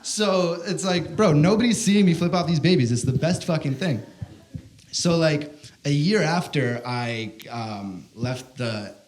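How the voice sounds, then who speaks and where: A man's voice: fairly high pitch, expressive, measured pace, darkish tone. A young man doing stand-up comedy, telling a story in a brash, profane, slangy way and calling people "bro.". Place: comedy stage before a live audience.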